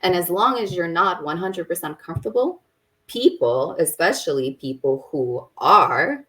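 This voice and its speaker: A woman who is a podcast guest and business owner, giving advice in a firm, deliberate way and stressing her key points. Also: on the low side, lively intonation, fairly bright tone, poor audio. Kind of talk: conversational podcast interview.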